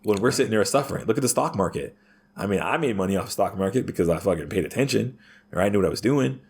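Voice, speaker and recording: A man's voice: fairly low pitch, expressive, fast talker, a little mellow, breathy edge. A man talking as a podcast guest in a profane, ranting way, punctuating his points with "right?". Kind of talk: casual podcast conversation.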